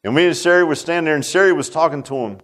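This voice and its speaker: A man's voice: on the high side, rapid-fire, fairly bright tone. An older man telling a personal story in a sermon, folksy and repetitive, leaning on filler like "man". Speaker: preacher.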